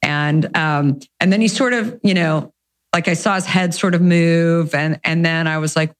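A woman guest telling how she founded her company, talking in a lively, rambling way with many fillers and restarts. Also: fairly low pitch, normal speed. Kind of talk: conversational interview storytelling.

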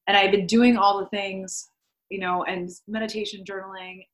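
A woman's voice: mid-range voice, level tone, moderate pace. A young woman, a podcast guest, candidly telling her story in casual speech full of "like" fillers and the odd swear word. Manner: chatty, swears freely, many "like" fillers.

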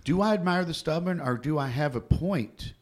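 Rambling animated man in casual chat. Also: a little high, normal speed. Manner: rambling, animated storytelling with laughs.

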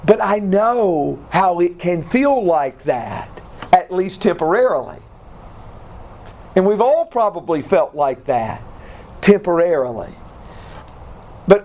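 A man teaching a Bible lesson to a class, speaking deliberately and often restarting his sentences. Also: high-pitched, big pitch swings, a little mellow, slight background noise. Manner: slow, deliberate, with repeated restarts.

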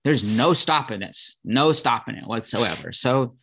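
A man's voice: mid-range voice, expressive, a little slow, fairly bright tone, slight background noise. A man speaking as a guest in a casual conversation, thoughtful and restarting his sentences often with "you know". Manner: thoughtful, repeats words, frequent "you know". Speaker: podcast guest, cannabis educator.

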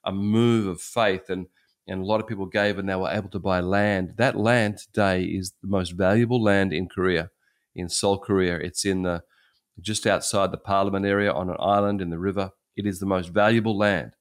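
A low-voiced man in his sixties gives a sermon in an easy, chatty storytelling manner. He often circles back and restarts his phrases, and his deep voice stays unhurried. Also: steady tone. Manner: conversational, repeats and restarts phrases. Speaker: pastor.

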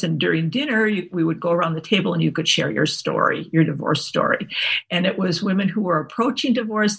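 Sixties woman, relaxed interview guest, gravelly and husky, chatty storyteller who laughs easily. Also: fairly low pitch. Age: 60s. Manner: chatty, laughs often, describes herself as an introvert. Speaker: guest, workshop founder.

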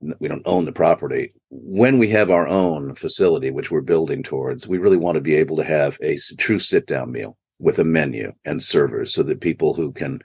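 An older man, a guest actor, telling anecdotes in a self-mocking, animated way in a podcast interview. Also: a bass voice, brisk, vocal fry, hardly any pauses, breathy edge, dry recording. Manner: animated, self-mocking storyteller who acts out quoted voices.

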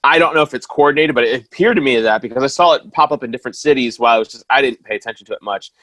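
A man in casual talk among friends, recounting a news video with lively acted-out quotes. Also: mid-range voice, very fast, no room sound. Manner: animated storytelling, acts out quotes with shouts. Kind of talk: casual chat.

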